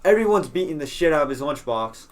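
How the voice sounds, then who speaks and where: A man's voice: on the high side, expressive, fast. A young man on a podcast, telling a rambling school story in casual chat, swearing freely and full of fillers and restarts. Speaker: podcast co-host.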